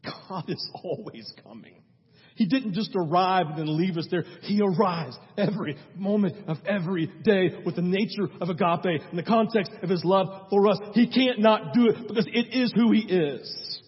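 Male pastor, high husky voice, emphatic storyteller, sermon in a dull echoey hall. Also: normal speed. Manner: emphatic storytelling with repeated phrases.

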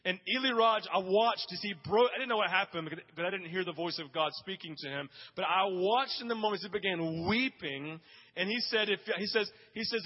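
A man's voice: high voice, a little fast. A man preaching a sermon, telling stories with passion and hammering home points through repetition. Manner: passionate storytelling with emphatic repetition. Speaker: pastor. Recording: reverberant dull hall sound.

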